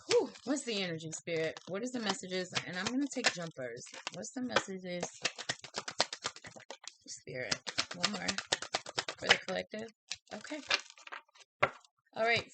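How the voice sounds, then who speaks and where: A woman's voice: on the low side, fairly bright tone. A woman giving a casual tarot and spiritual reading to camera, earnest and encouraging, with many fillers and restarts. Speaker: tarot reader and psychic.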